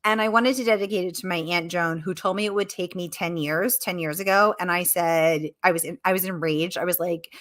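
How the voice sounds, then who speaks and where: A middle-aged woman author answering questions in a casual livestream Q&A, animated and exclamatory, breaking into quick laughs. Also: on the low side. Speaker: author being interviewed.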